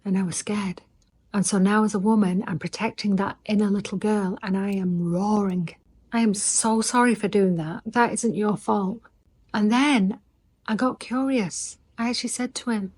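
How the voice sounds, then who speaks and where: A woman's voice: medium pitch, fairly even intonation, moderate pace, husky. Earnest woman coaching on lasting love. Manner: earnest, intimate, drops to soft near-whispers for emphasis. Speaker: relationship coach. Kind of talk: heartfelt advice monologue.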